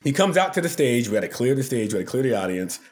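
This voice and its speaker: A man, a television producer and podcast guest, telling stories in a casual, animated way and laughing often. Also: mid-range voice, fast. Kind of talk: casual storytelling.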